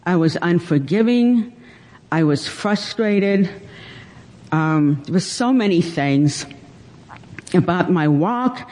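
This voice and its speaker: A woman shares her testimony slowly, pausing often and trying not to cry. Her voice carries a long reverb from a large hall. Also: fairly low pitch, darkish tone. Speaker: church member giving testimony. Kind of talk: personal testimony. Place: church hall.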